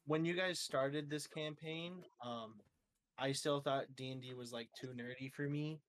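A young man co-hosting a casual chat, easygoing and quick to chuckle. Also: mid-range voice. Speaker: podcast co-host.

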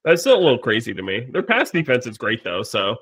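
Man, mid pitch, relaxed, casual sports chat, thinking aloud. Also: fast talker, breathy edge. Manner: laid-back, musing, many "I feel like". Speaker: podcast co-host.

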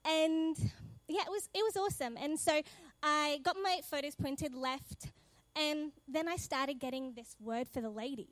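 A woman telling a faith testimony in a lively way, acting out the dialogue and often laughing. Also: high-pitched, no room sound. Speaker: speaker sharing a testimony. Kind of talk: animated personal testimony.

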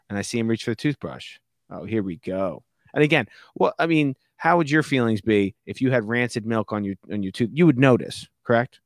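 A man's voice: lowish voice, brisk, dry recording, clean studio sound. A man, a podcast guest, telling a prank story in casual chat and acting out the voices of the people in it. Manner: animated storyteller, acts out quoted voices.

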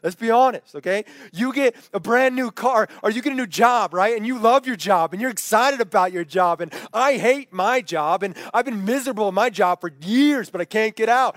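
A man's voice: high voice, a bit bright, no room sound. A man teaching a Bible study in a conversational preaching style, often checking in with "okay?" and acting out quoted voices. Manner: acts out quoted voices for emphasis. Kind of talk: sermon. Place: home, over an online meeting.

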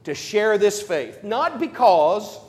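A priest preaching at a conference, emphatic and telling stories with playful asides. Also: male voice, sits high, very animated, slow pace. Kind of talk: conference sermon. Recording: long hall reverb.

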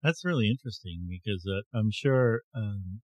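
A man's voice: on the low side, animated, moderate pace, dry recording. A man co-hosting a podcast in casual chat, cracking dry sarcastic jokes. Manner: joking, sarcastic asides. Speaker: podcast co-host.

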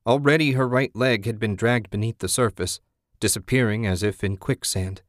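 A man reading a horror story aloud in a steady, grim voice. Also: lowish voice, moderate pace, dry recording, clean studio sound.

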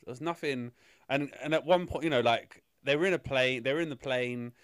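A man's voice: mid-range voice, a little fast, a bit bright, clear, resonant tone, dry recording, studio quality. Sweary rambling man. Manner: rambling, sweary, exasperated ranting. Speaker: film reviewer. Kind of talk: casual podcast chat.

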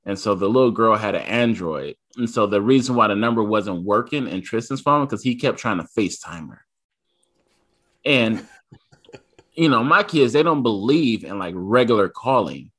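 A man's voice: fairly low pitch, lively intonation, normal speed, fairly bright tone, husky. A man in his thirties, a podcast co-host, telling a family story in casual chat and acting out his son's lines.

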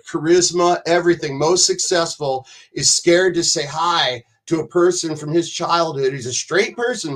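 A man with a somewhat high voice, rambling through anecdotes as a podcast guest. He is loose and profane and slips into other people's voices mid-story. The delivery is casual and unscripted.

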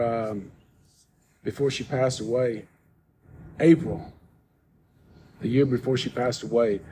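A man as a podcast guest, telling a personal story in casual talk, soft-spoken and rambling with many restarts. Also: mid-range voice, a little hiss or hum.

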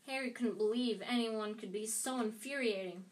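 A woman's voice: a little high, normal speed. A woman reads a novel aloud at home-reading pace. She often stumbles and restarts phrases, with a plain, unpolished delivery. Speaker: reader.

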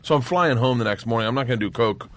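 A man spinning rowdy anecdotes as a comedian on a chat show, his voice sitting at an ordinary middle pitch. He cracks himself up often and drops swear words without a second thought. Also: fast talker. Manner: animated storyteller, laughs often, swears freely. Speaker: guest comedian. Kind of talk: casual storytelling chat.

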